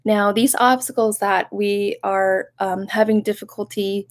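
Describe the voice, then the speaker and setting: Soft, rambling young woman reader. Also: medium pitch, measured pace. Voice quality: soft-spoken, rambling, greets viewers with sudden excitement. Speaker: live tarot reader. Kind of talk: casual live-stream reading.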